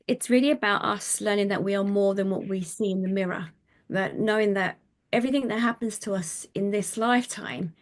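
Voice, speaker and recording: A middle-aged woman, a psychic medium telling her life story in an interview, animated and chatty with many fillers. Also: mid-range voice. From United Kingdom.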